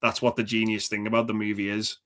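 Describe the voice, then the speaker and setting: A man's voice: lowish voice, completely flat delivery, fast, pushed and bright. A man co-hosting a casual movie podcast, talking enthusiastically and rambling, with frequent swearing. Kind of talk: casual film chat.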